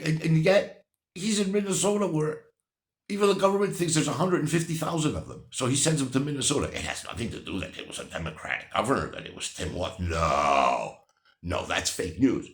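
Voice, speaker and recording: A man rants sarcastically at his viewers, laughing and restarting his sentences as he goes. His voice swings up and down a lot and has a gravelly edge. The room gives it a noticeable echo. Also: medium pitch. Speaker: vlogger answering viewer comments. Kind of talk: casual ranting commentary.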